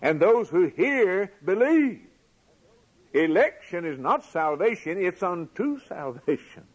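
A man's voice: high-pitched, very animated, slow, husky, muffled recording. A man preaching a sermon, building his points with rhetorical questions and a rising, emphatic cadence.

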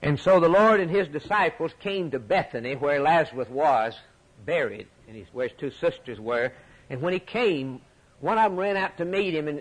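A husky man preaching with fervor, his voice sitting a bit high for a man. He sinks into quiet, hushed phrases and then climbs into loud, ringing emphasis, stumbling over repeated words when moved. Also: animated, moderate pace, low-quality recording. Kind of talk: sermon.

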